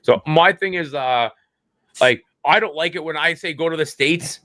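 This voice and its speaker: A man from Canada co-hosting a podcast, chatting loosely with lots of "like" and quick voice impressions. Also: a little high, bright, forceful tone, no room sound. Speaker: podcast co-host. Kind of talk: casual chat.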